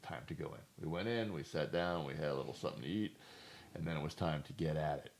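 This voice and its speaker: A man's voice: rumbling low, fast talker. A talkative man telling funny stories in casual chat, joking and laughing as he goes. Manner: talkative, jokey, laughs at his own stories. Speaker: co-host.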